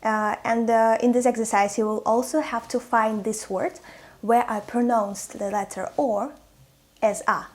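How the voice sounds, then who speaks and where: A woman, a native Russian speaker with a Russian accent, teaching a language lesson with slow, careful pronunciation drills. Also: fairly high pitch, steady tone, darkish tone.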